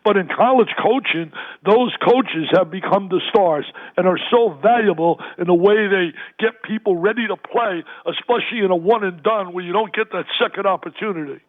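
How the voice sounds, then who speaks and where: High, tinny phone-line voice of an older man. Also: normal speed. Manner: emphatic, repetitive, energetic storyteller. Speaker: guest, basketball analyst. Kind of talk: phone-in radio interview.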